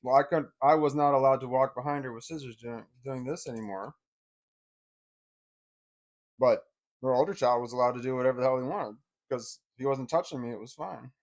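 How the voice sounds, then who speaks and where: A man's voice: medium pitch, a little fast. A man telling a personal story in a casual, rambling way, full of fillers and repeating himself.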